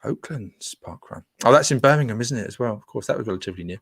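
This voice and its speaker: A man's voice: mid-range voice, rapid-fire, gravelly, dry recording, clean studio sound. A man hosting a casual live stream, reading out viewer comments in a chatty, playful way. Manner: chatty and playful, jokes with listeners. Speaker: host.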